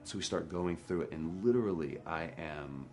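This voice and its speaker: A man, an actor, candidly recounting a hard day on set in a documentary interview, sometimes dropping to a hush. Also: deep voice, normal speed. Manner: candid, animated storytelling, drops to a hush for quotes. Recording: interview with score under it.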